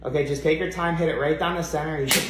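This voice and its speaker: A man's voice: fairly high pitch, fairly even intonation, fast, reverberant, heavy background noise. A young man, a prank video creator, playfully teasing his grandmother. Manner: teasing, playful, bursts into yelps.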